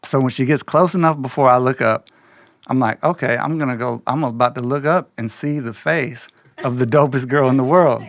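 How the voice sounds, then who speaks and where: A man's voice: mid-range voice, brisk, no room sound. Slangy Midwestern man telling a story. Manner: loose, slangy, animated retelling with quoted voices. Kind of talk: casual spoken storytelling.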